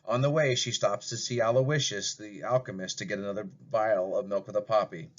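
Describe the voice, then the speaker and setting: A man's voice: lowish voice, steady tone, fairly quick, muffled recording. A man narrating a fairy-tale story in a plain read-aloud way for a class project. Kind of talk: amateur storybook reading.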